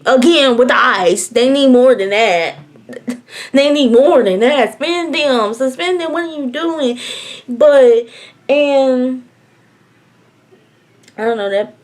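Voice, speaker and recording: Animated woman telling a story. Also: high voice, slow pace, long pauses. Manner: animated, blunt, laughs often. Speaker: vlogger. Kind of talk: casual storytime chat.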